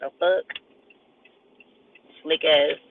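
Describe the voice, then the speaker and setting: A man's voice: fairly high pitch, steady tone, extremely slow, vocal fry. A man hosting a casual livestream, rambling and joking with frequent laughter. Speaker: livestream host. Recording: tinny phone-like audio with faint hiss.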